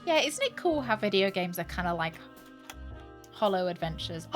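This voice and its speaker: Chatty woman streamer with a lively voice. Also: mid-range voice, moderate pace, soft background music. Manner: chatty, laughs often, gasps and exclaims. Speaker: game streamer. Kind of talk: casual let's-play commentary.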